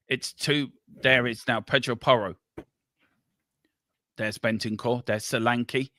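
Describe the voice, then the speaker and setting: Host, male, bright and dry-toned, excitable live match caller. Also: medium pitch, takes it slowly, pauses often, no echo. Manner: excitable, running commentary with banter. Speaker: watchalong host. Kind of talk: live football play-by-play.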